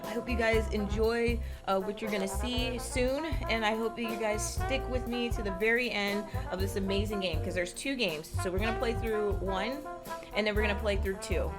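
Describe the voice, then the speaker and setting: A woman streaming a game to her live chat, gushing and excitable, rambling with many fillers and swearing when she gets hyped. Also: mid-range voice, moderate pace. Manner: rambling, with many likes and ums. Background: jazzy game music.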